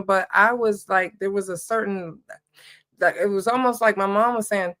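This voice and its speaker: A middle-aged woman from Ohio tells stories as an interview guest, easy and casual. She is animated and laughs often, slipping into quick impressions of the people she quotes. Her voice sits in a middle register. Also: mid-range voice. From Ohio, USA. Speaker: guest, former basketball player.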